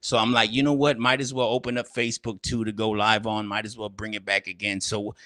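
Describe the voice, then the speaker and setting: In a dry recording, a man's low, a bit bright voice moves briskly with little pitch movement. He's a livestream host chatting casually to his viewers, slangy and repetitive and a little out of breath.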